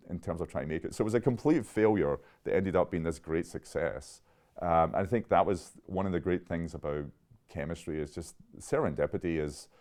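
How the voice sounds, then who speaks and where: Man in his 50s, deep voice, animated storyteller who laughs as he talks, interview setting. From Scotland. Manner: animated, laughing often, restarts mid-sentence. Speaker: interviewee, chemist.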